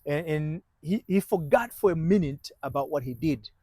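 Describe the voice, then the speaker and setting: A man with a somewhat high voice tells a motivational story as a marriage coach. He restarts his sentences often and drops almost to a hush when the story turns tense. The sound is dry, with no room echo. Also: lively intonation, husky. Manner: halting, many restarts, drops to a hushed voice at tense moments.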